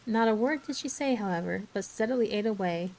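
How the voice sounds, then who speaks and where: A woman narrating a classic novel in a soft, even storytelling manner for an ASMR book reading. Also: medium pitch, fairly quick, gravelly, rough recording. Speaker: ASMR reader.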